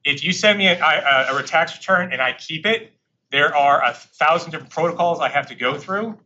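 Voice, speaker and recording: A man's voice: a little high, normal speed, sharp tone, muffled recording. A man presenting to a live audience of lawyers, conversational and emphatic, with frequent fillers and side remarks. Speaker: government attorney presenting to bankruptcy practitioners. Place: courtroom or meeting room.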